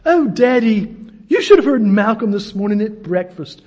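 Man putting on a loud gossipy english lady, high and breathy, gushing. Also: animated, moderate pace, big-room sound. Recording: dull lo-fi recording.

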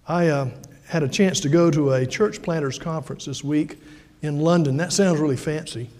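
An older male pastor gives a folksy, conversational sermon, tossing in asides and questions to the congregation. His voice sits fairly high but has a dark, mellow tone. It carries a long echo through a large church hall. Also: moderate pace.

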